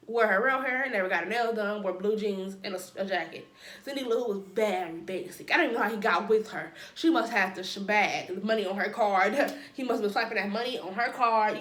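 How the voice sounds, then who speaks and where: A woman's voice: medium pitch, lively intonation, moderate pace, fairly bright tone, reverberant. A woman vlogger telling a personal story in a casual way, with dramatic asides and playful sound effects.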